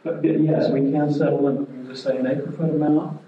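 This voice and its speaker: A man explaining water policy at a public meeting in a plain, measured way, with many restarts. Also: fairly high pitch, little pitch movement. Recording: roomy, distant, muffled, faint noise.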